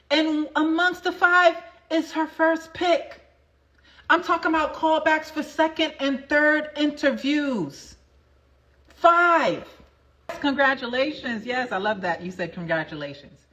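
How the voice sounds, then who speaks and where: Emphatic, bright-voiced woman coach. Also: a little high, low-quality recording. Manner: emphatic, repeats phrases for effect; chatty storytelling with asides to viewers. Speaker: manifestation coach. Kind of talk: motivational livestream talk.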